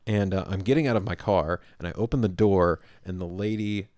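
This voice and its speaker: A man with a fairly low voice tells a rambling story on a podcast. He acts out the quoted lines and laughs a lot. The sound is dry and close to the mic. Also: brisk, mellow, no echo. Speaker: podcast co-host. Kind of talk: casual storytelling chat.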